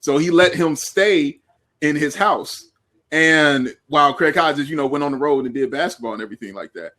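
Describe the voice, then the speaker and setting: Bright-voiced Chicago man telling stories. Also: on the high side, normal speed. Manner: animated storyteller, acts out quotes, laughs often. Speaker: co-host. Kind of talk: casual sports chat.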